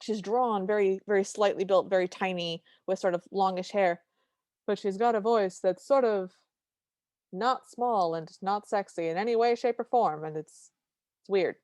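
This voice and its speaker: A woman hosting a podcast, talking in an animated, chatty way and often catching and correcting herself. Her voice sits at a middle pitch and sounds dry and close. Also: moderate pace, dry recording. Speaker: podcast host. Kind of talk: casual podcast chat.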